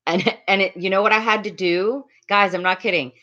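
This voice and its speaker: A woman from Latin America chatting loudly and quickly on a live stream, reading and answering viewers' comments with frequent laughs. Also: mid-range voice, fairly even intonation, highs cut off. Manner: loud, fast, laughs often. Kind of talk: casual live-stream chat.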